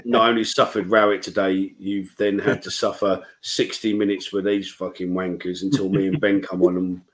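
A man's voice: low-pitched, level tone, moderate pace, rough recording. A man co-hosting a casual football chat show, blunt and sweary. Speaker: podcast co-host.

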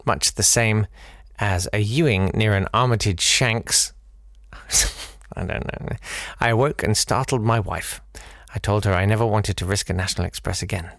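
Wry podcast host, dry mic. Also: male voice, moderate pace, creaky, no echo. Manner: wry, rambling, lively pitch swings. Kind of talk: casual solo podcast.

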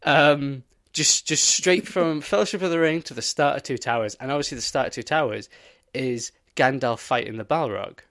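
A young man co-hosting a podcast, telling an animated story in casual chat and swearing often. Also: medium pitch, normal speed, hardly any pauses. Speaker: podcast co-host.

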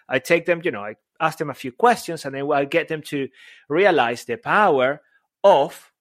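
A man's voice: medium pitch, a bit bright, dry recording. Playful male podcast co-host, dry sound. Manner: playful, laughs often, repeats words. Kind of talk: casual podcast banter.

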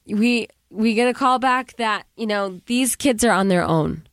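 A woman's voice: on the high side, moderate pace, no echo, clean studio sound. Casual woman retelling a movie scene. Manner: retells scenes by quoting characters, laughing, with fillers. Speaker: podcast co-host. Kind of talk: casual chat recapping a movie.

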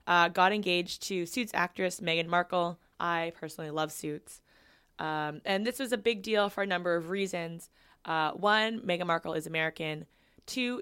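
A woman's voice: lowish voice, fairly bright tone, smooth. A woman co-hosting a podcast in casual chat, reading housekeeping notes with plenty of ums. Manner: chatty, reads housekeeping notes with filler ums. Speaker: podcast co-host.

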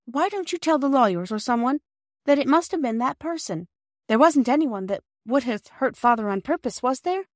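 A woman's voice: high voice, animated, normal speed, no echo, studio quality, pitched above the performer's own voice. A woman reading a storybook aloud, voicing a distraught young girl in a raised, pleading voice. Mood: earnest. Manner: pleading, tearful.

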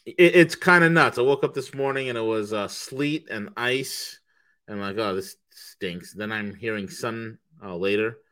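A man co-hosting a podcast in casual chat, jokey, swinging between loud openings and low mumbled asides. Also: normal speed. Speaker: podcast co-host.

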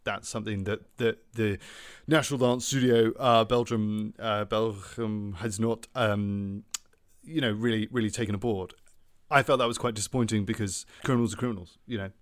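A man's voice: lowish voice, steady tone, normal speed. A man hosting a comedy review podcast in a mock-serious presenter tone, with frequent ums. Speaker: host. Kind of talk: deadpan comedy review chat.

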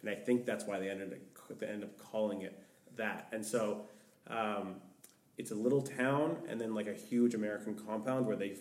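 A man's voice: fairly low pitch, steady tone, normal speed, darkish tone. A young man, a podcast guest, telling a long story in a rambling way, full of "like". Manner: rambling, heavy use of "like". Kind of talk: storytelling in casual conversation. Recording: echoey room, distant mic.

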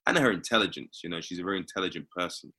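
A man's voice: deep voice, rapid-fire, pushed and bright. A man, an actor talking as an interview guest in a thoughtful way, often restarting and repeating words. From England. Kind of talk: casual interview chat.

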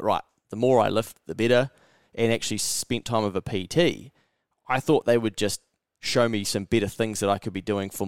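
Swearing, animated New Zealand man. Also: lowish voice, smooth, no echo, studio quality. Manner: animated storyteller, swears freely, acts out quoted voices. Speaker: podcast co-host. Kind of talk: casual chat.

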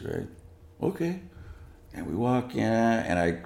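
A man being interviewed, telling a long anecdote in an animated way and acting out the dialogue. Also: on the low side, slow pace, gravelly, roomy sound. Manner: animated, acts out quoted dialogue. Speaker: guest musician. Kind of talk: storytelling interview.

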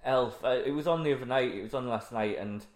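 A man's voice: mid-range voice, fast talker. A man chatting casually as a podcast co-host, rambling and slipping into silly voices to quote films. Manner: rambling, quoting film lines in silly voices. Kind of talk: casual chat. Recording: roomy echoey room.

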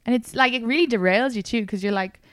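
A woman, hosting a casual podcast chat and telling stories with lively acted-out quotes. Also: quick pace, clear, resonant tone, dry recording, studio quality. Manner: animated storyteller, acts out quotes in high voices. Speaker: podcast host.

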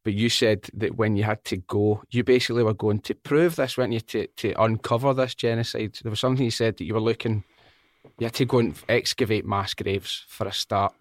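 A man with a lowish voice hosts a podcast interview. He asks his questions hesitantly and reflectively, often restarting as he gathers his thoughts. The recording is dry and close to the mic. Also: fairly even intonation, brisk, dry recording. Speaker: podcast host.

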